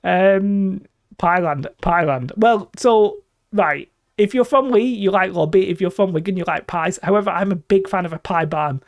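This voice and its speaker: A man's voice: sits high, steady tone, moderate pace, dry recording, studio quality. A man from northwest England with a Lancashire accent, chatting casually on a live stream and reading out viewers' comments. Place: small room at home. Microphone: desk microphone.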